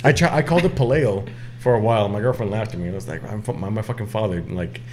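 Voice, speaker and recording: A man's voice: fairly low pitch, fast, a little mellow, slight background noise. A man co-hosting a podcast in crude, joking banter, swearing constantly. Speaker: podcast co-host. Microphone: table mic in a shared room.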